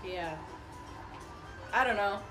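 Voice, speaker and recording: A woman's voice: medium pitch, takes it slowly, echoey room, over music. A young woman in her late teens chatting casually as co-host and laughing often. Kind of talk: casual chat.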